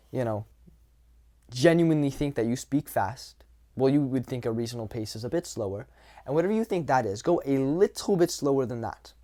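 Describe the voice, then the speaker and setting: A young man talks straight to camera in a casual coaching style. He is blunt, drops the odd swear word and breaks off to act out little examples. His pitch sits in the middle for a man. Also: dark tone. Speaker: dating coach. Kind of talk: casual talking-head advice.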